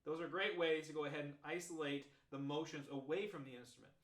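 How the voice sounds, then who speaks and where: A man teaching trombone practice techniques, talking step by step through examples in a relaxed, explanatory way. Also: on the high side, quick pace. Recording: roomy echo.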